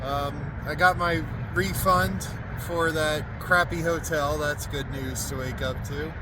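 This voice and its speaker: A man's voice: fairly high pitch, steady tone, takes it slowly. A man vlogging on foot outdoors, talking in a laid-back, rambling, self-deprecating way into a handheld phone. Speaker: walking vlogger. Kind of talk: casual vlog monologue. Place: outdoors by a freeway and streets. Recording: outdoor traffic noise behind.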